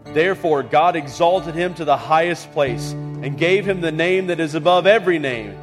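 A man's voice: fairly high pitch, normal speed, faint music behind. A man preaching a sermon as pastor, earnest and rising to impassioned reading of scripture.

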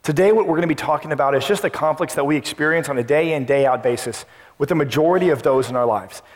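Storytelling pastor in a reverberant church. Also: male voice, a little high, fast. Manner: storytelling, animated, acts out his own past lines. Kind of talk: sermon. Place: church sanctuary. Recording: long reverb of a church hall.

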